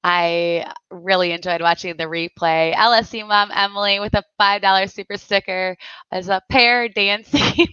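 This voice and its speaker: A woman's voice: medium pitch, steady tone, pushed and bright, smooth, no echo. A woman hosting a casual livestream chat, laughing often as she reads out viewer messages. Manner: giggly, laughs often while reading chat; slow, unhurried speech. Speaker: livestream host. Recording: dry, slightly dull lo-fi sound.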